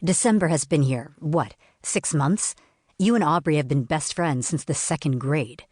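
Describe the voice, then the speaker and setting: Woman doing a laid back teen boyfriend, soft teasing, low husky voice. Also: normal speed, no echo, studio quality. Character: teenage boy, calm, teasing boyfriend.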